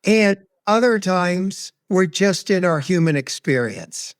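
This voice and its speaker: A man speaking as a guest expert on grief, sharing a personal story in an earnest, measured, heartfelt way. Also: sits high, lively intonation, no room sound, studio quality.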